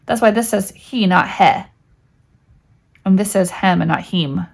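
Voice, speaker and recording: A woman's voice: mid-range voice, a little fast, creaky. A woman walking through spelling and syllable rules in a casual teaching voice, checking in often with "right?". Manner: chatty, explains step by step, asks "right?" often. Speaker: homeschool teacher.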